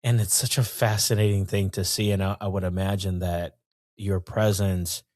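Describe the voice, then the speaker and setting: Deep-voiced earnest podcast host. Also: male voice, level tone, normal speed, a little mellow, dry recording, clean studio sound. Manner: earnest, with frequent murmured agreement. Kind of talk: podcast conversation.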